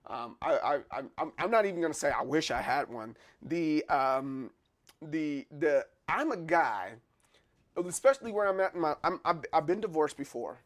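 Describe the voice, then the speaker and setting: A man's voice: a little high, animated, moderate pace. A man hosting a livestream in casual chat, loose and opinionated as he reacts to his chat. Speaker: livestream host.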